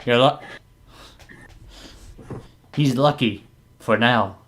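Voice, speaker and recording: A man voicing a haughty, quick-tempered floating eye monster in a tabletop game, sneering and barking when provoked. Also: mid-range voice, a bit bright, pitched below the performer's own voice. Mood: grudging.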